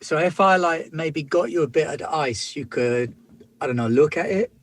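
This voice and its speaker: A man in a tabletop role-play, speaking in character as a gruff space hauler full of slang. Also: a little high, normal speed, no room sound. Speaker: player.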